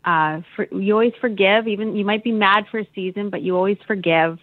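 A woman remembering her father in an interview, candid and animated, a little choked up. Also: mid-range voice, fairly quick, no room sound. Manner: animated, candid, laughing often. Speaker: daughter. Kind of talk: emotional interview. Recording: dry phone-like line.

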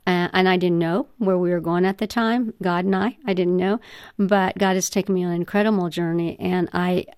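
A woman's voice: on the low side, fairly even intonation, brisk, a little mellow, clean tone, dry recording, studio quality. An older woman, a guest author, telling her own story in an earnest, heartfelt way in an interview.

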